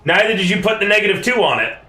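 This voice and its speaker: A man narrating as game master of a tabletop game, with animated, playful rules calls. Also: high-pitched, very fast, reverberant, faint music behind, poor audio.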